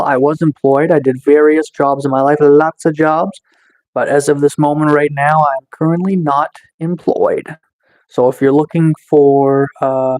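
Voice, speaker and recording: A man casually chatting on a livestream, reading chat and answering slowly with lots of fillers, just getting over a cold. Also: fairly high pitch, darkish tone, poor audio. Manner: slow, laid-back, chill delivery with many fillers. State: recovering from a cold.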